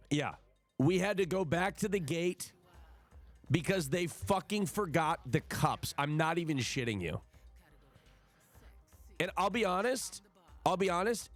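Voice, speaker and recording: Exasperated, foul-mouthed male streamer. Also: sits high. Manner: animated, profane, exasperated storytelling. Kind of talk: casual rant to live chat.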